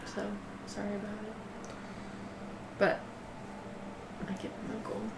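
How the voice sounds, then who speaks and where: A woman chatting at a tabletop game, playful and giggly. Her voice has a gravelly edge. The echoey room carries clear background noise. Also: medium pitch, monotone, slow. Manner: teasing, giggly. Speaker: player. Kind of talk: casual tabletop game chat.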